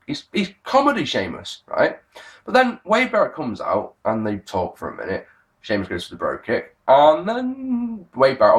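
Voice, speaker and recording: A man giving a casual, sarcastic review of a wrestling show, swearing often and swinging between grumbling and excited outbursts. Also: mid-range voice. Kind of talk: casual solo review rant.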